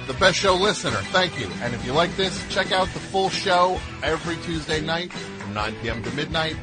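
A man's voice: fairly high pitch, animated, a little fast, music in the background. A man hosting a comedy call-in radio show, asking a caller questions in a dry, bemused way. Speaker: radio host.

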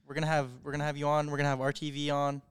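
A man co-hosting a podcast in casual chat, upbeat and quick to finish others' sentences. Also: fairly high pitch, monotone, smooth, no room sound, studio quality. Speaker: podcast co-host.

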